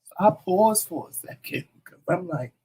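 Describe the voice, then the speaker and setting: Husky man telling a personal story. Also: high-pitched, normal speed, poor audio. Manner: animated, acts out quoted voices. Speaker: talk show host telling his story. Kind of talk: casual storytelling.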